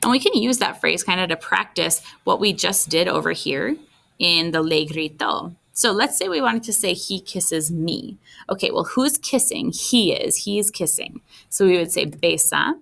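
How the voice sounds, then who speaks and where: A woman's voice: lowish voice, animated, normal speed, vocal fry, fairly bright tone. A woman teaching a recorded Spanish lesson, explaining step by step and checking in with her students.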